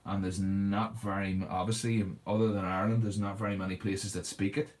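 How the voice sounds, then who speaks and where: A man's voice: lowish voice, level tone, a little fast, darkish tone. A man hosting a casual livestream, chatting and answering viewers' comments while he paints a model.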